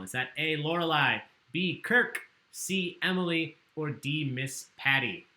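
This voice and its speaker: A man's voice: fairly high pitch, measured pace, few pauses, bright, forceful tone, reverberant. A man hosting a livestreamed trivia game, chatty and joking as he reads out the questions. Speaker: trivia host.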